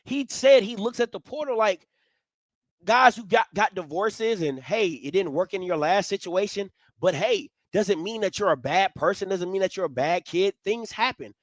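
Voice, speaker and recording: A man hosting a live sports talk stream, swinging from low musing to loud, animated ranting. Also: normal speed, dry recording. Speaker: sports commentary host.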